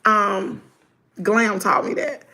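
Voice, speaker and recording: A middle-aged woman, telling her viewers a story in a lively storytime chat. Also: mid-range voice, slow pace. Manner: animated, talks to viewers as y'all. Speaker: vlogger.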